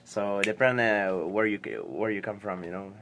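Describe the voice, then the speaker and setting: Guy, lowish voice, keeps restarting his words, laughs a lot in a casual interview. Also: a bit bright, slight background noise. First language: French. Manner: halting, repeats words, laughs easily. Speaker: interviewed fighter.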